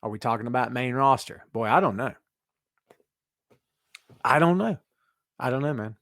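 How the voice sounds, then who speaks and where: A man's voice: mid-range voice, animated, normal speed, a bit bright, no echo, clean studio sound. A middle-aged man hosting a casual wrestling podcast, rambling and joking as he talks to his co-hosts and listeners. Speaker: podcast host.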